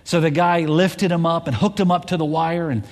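High-voiced storytelling pastor man. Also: moderate pace. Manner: animated, repetitive restarts. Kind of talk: sermon storytelling. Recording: long hall reverb.

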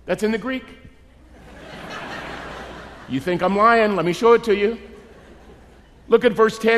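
A middle-aged man preaching a sermon in an animated way, acting out the characters in his story. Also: sits high, moderate pace, pauses often. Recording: long reverb of a large hall.

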